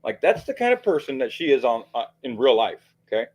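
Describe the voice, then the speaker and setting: A man's voice: medium pitch, big pitch swings, brisk, breathy edge. A man giving heated, profane livestream commentary, rambling with frequent restarts and fillers.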